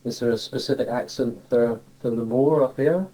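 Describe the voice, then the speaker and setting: A man asking interview questions about local accents in a hesitant, halting way. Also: mid-range voice, warm tone, rough recording. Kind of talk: dialect interview. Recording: cassette tape.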